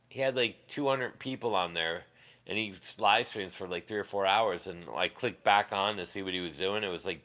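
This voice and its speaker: Bright-voiced man rambling on a live stream. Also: deep voice. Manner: rambling and crude, quick laughs, many restarts. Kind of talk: casual live-stream chat, answering viewers.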